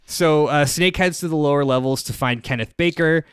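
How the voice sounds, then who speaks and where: A man's voice: fairly high pitch, moderate pace, clean tone, no room sound, clean studio sound. A man hosting a podcast, recapping a game's story in loose, rambling casual chat full of fillers and laughs. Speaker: podcast host.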